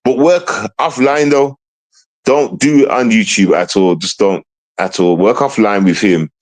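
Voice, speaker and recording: A man's voice: on the low side, measured pace, low-quality recording. A man hosting a livestream, ranting in a casual, confrontational way and repeating himself. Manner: confrontational, repetitive, slangy, restarts often. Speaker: livestream host.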